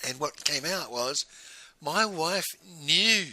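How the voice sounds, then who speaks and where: Blunt man, very sharp voice. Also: a little high, animated, takes it slowly, poor audio. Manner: blunt, ends points with "right?". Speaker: business coach. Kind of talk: recorded teaching monologue.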